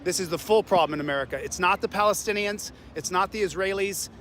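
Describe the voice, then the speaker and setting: A man's voice: sits high, fast, fairly bright tone, a little hiss or hum. A man filming himself as an independent journalist, confronting and insulting police in a public parking lot with a combative, taunting manner. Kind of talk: street confrontation.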